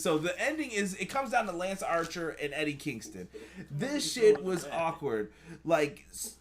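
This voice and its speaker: A man hosting a casual wrestling review chat, blunt and profane, reading out viewer comments as he goes. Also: fairly high pitch. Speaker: podcast host.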